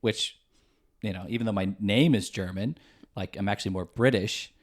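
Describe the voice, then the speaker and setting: Man, young adult, from the Midwest US, podcast co-host, casual rambling chat, lowish pitch. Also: moderate pace. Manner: easygoing, rambling, many fillers.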